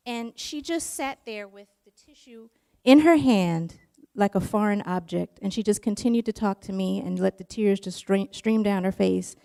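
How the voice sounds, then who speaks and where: A woman telling a personal story in an earnest, emotional way. Her voice sits at a middle pitch with a gravelly fry in it, and her sentences roll on in long runs. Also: darkish tone.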